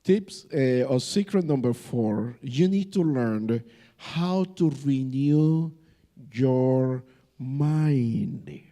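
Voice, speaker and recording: A man's voice: mid-range voice, lively intonation, mellow. A man speaking at a church family seminar alongside his wife, joking with her affectionately. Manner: slow, affectionate banter.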